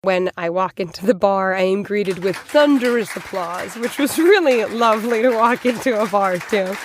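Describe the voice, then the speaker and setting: A woman in her thirties from Boston, telling a personal story in a chatty, animated way, full of "like" fillers. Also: mid-range voice, normal speed, slight background noise. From Boston, USA. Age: 30s.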